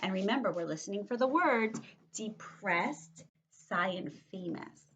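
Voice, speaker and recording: A woman teacher explaining words to small children in an animated, patient way, her voice rising and falling often. The recording is dull and slightly lo-fi. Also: medium pitch, slightly rough. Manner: animated, explains slowly with questioning tags. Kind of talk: read-aloud lesson for young children.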